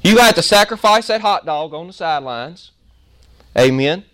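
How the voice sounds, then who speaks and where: A preacher tells his congregation a homespun story at normal speed, acting out each scene with animated, folksy energy. His voice is high, clear, and smooth, and the whole thing is a storytelling sermon.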